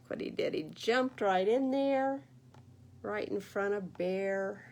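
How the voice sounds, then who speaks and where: A woman librarian reading picture books aloud at a baby storytime, animated and sing-song, talking to little listeners. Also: mid-range voice, takes it slowly, slight background noise. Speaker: children's librarian.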